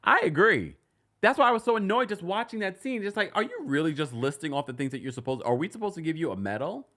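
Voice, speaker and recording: A man hosting a casual reality TV recap, chatty and animated, with sudden high-pitched exclamations. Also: quick pace. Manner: chatty, many restarts while retelling scenes.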